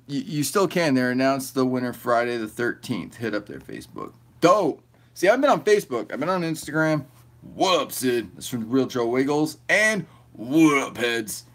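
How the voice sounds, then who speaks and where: A man's voice: mid-range voice, expressive, normal speed. A man hosting a casual livestream, reading chat aloud and rambling loosely, often swearing and laughing.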